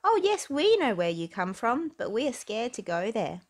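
A woman voicing a group of small, timid woodland animals in a storybook reading, with an excited, wondering manner. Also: fairly high pitch, moderate pace, voice pushed up. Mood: curious.

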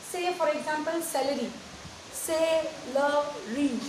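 A woman teacher giving a slow, deliberate lesson to young pupils, asking them many questions. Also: high-pitched. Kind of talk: recorded classroom lesson. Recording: echoey room, distant mic, faint hiss.

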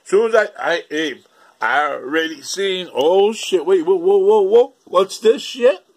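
A man, chatting casually and rambling to his YouTube viewers, laughing and swearing as he goes. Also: unhurried. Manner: rambling, laughing, swearing, lively pitch swings.

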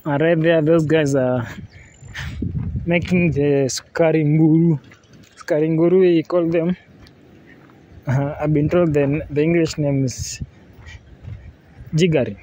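A man narrates his travel vlog at an unhurried, drawn-out pace, his voice sitting a little high for a man. He sounds relaxed and repeats words as he walks by a river, with faint outdoor noise behind him. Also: dull audio. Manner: relaxed, repeats himself, says "yeah, man" often. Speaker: vlogger. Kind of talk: casual travel vlog walk-through.

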